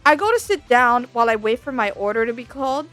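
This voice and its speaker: A woman telling a storytime as a vtuber, profane, exasperated and animated. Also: on the high side, quick pace. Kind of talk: casual storytime rant. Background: faint background music.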